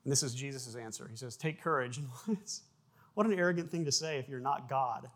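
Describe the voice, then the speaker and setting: A man preaching a sermon, animated, with frequent repeated words and acted-out sound effects in his stories. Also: medium pitch, fairly quick. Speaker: pastor.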